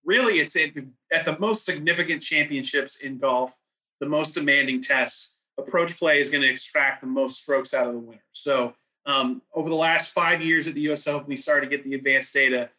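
A man on a podcast, explaining golf statistics in casual chat with measured, data-heavy talk. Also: a little high, sharp tone, poor audio. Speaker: golf stats analyst on podcast.

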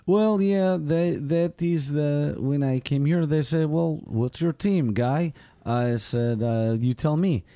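A man playing an earnest, deadpan Lithuanian immigrant shuttle driver with a Lithuanian accent, in an improvised comedy bit. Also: on the high side, no echo, clean studio sound. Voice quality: earnest, deadpan, slightly halting.

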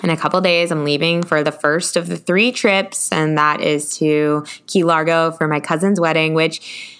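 Casting: female podcast host, low voice, casual, rambling, giggly. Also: flat delivery, fairly bright tone, clean tone. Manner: chatty, full of fillers, quick to laugh. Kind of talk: casual chat.

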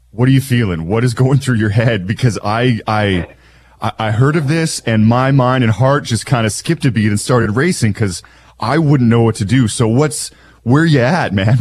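Husky-voiced male radio host asking questions. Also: medium pitch, animated, moderate pace, darkish tone. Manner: empathetic, probing questions. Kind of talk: radio interview.

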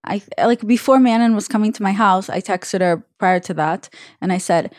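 A woman's voice: mid-range voice, normal speed, a little mellow, no echo, studio quality. Frank woman hosting a chat show. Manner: frank, advice-giving, acts out quoted dialogue. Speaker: podcast host. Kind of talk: casual chat.

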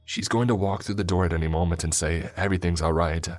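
Man, narrator, very deep voice, measured delivery, soft music underneath. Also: steady tone. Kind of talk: first-person story narration.

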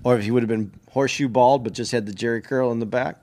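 A man co-hosting a casual movie podcast who talks fast, restarting phrases as he hunts for the right word. His voice sounds dry and close, with no room echo. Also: mid-range voice, steady tone, a little mellow. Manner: quick, halting, searches for words. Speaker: podcast co-host.

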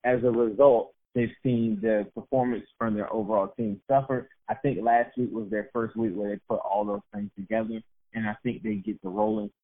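A man co-hosting a sports podcast in loose, chatty, self-mocking talk, laughing easily. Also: lowish voice. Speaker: podcast co-host. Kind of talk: casual sports podcast chat. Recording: tinny phone-like line.

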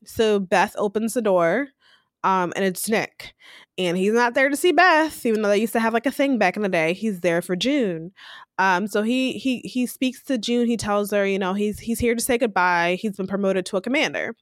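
A chatty woman recaps a show in a loose, casual way, acting out the characters' lines and laughing often. Her voice sits at an ordinary middle pitch. The sound is dry and close, with no room around it. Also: normal speed, dry recording. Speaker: podcast co-host.

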